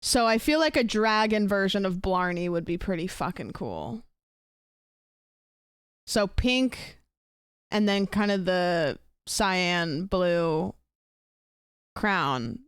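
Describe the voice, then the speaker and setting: A young woman chatting on a live stream, rambling from one idea to the next. Her voice is smooth and clear at a middling pitch. The sound is dry and close, with no room echo. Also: expressive, slow, long pauses. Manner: chatty and rambling, thanks viewers for gifts. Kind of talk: casual live-stream chat.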